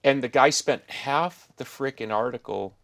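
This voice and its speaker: A man's voice: medium pitch, a little slow, creaky, a bit bright, no echo. A middle-aged man hosting a podcast, talking in a thoughtful, rambling, musing way. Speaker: podcast host. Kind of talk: casual interview chat.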